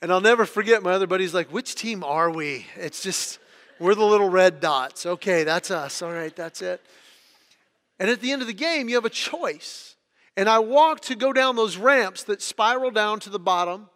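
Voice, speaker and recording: A man with a high, bright voice tells stories to an audience, acting out each quote. His delivery is animated, with frequent restarts on words. The sound carries a long hall reverb. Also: normal speed. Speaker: speaker telling stories. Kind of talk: storytelling talk to an audience.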